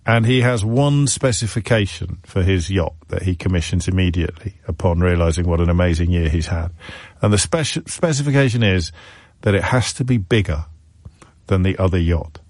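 A man's voice: sits low, normal speed, a little mellow, dry recording, studio quality. A man hosting a radio phone-in, telling stories in a wry, self-correcting way. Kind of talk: conversational storytelling.

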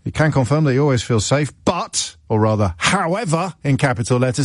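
A man's voice: medium pitch, animated, quick pace, hardly any pauses, a little mellow, dry recording, studio quality. A man from England hosting a radio phone-in, reading listener messages and chatting with callers in a wry, teasing way. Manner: wry, teasing, mock-alarmed asides. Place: radio studio. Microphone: studio mic.

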